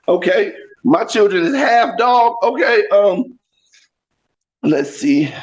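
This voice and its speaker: A man doing a brash, crude stand-up set over a video call, swinging between loud shouted bits and low mutters. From Florida. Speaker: stand-up comedian. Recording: dull lo-fi video call audio.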